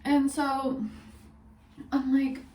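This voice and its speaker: A woman's voice: sits high, completely flat delivery, drawn-out words, mellow, distant mic. A young woman telling a story in a casual vlog, chatty and full of swearing, laughing as she goes. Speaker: vlogger. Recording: echoey room, mic set back, faint hiss.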